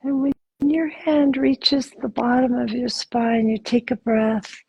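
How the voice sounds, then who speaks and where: A woman guides listeners through a gentle body exercise in a very breathy, husky voice. She talks slowly and soothingly, drops into soft whispers, and sounds close and dry with no room around her. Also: fairly high pitch, fairly even intonation, dry recording, poor audio. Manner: soft, slow, soothing, with sighs and whispered affirmations. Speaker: host leading a guided exercise.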